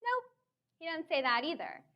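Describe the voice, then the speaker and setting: A young woman tells a personal story to a live audience. Her voice sits high and swings widely in pitch, full of animated energy. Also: normal speed, muffled recording. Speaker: speaker.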